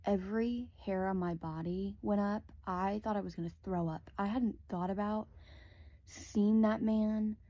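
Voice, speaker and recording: A woman's voice: medium pitch, normal speed, hardly any pauses, darkish tone, dry recording. A young woman telling a personal story in a casual, rambling way, full of "like" fillers, close to a phone mic.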